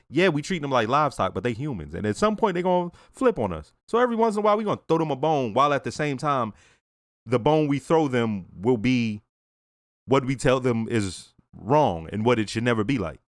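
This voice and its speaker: A young man hosting his own reaction channel, casually reviewing a TV episode in blunt, profane talk and acting out the characters in quick asides. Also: medium pitch, no room sound, clean studio sound.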